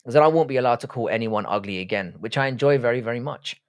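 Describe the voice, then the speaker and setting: A man in his thirties hosts a casual live stream reacting to fights, swearing freely and joking with his chat. His medium-pitched voice is fast, clear and resonant.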